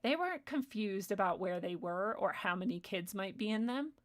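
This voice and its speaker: A woman's voice: mid-range voice, animated, moderate pace. Woman in a heated, profane rant. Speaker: stream host. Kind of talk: unscripted ranting monologue.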